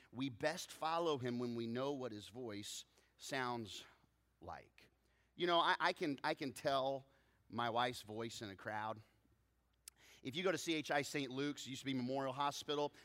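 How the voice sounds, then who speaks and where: A pastor preaches a sermon, telling stories and swinging lively between loud bursts and soft, low asides. The audio has a big-room sound.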